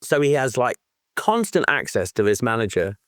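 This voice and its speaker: Male co-host, lively storyteller who laughs a lot, mid pitch, dry sound. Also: moderate pace, no echo. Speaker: podcast co-host. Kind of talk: casual chat.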